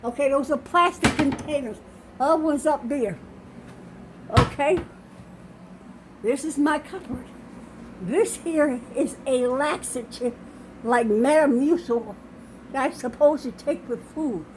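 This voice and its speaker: In a small kitchen, an older woman talks slowly into a handheld phone, her voice high, breathless and insistent as she gives a home video tour. She keeps saying "okay," with a faint room hum behind her.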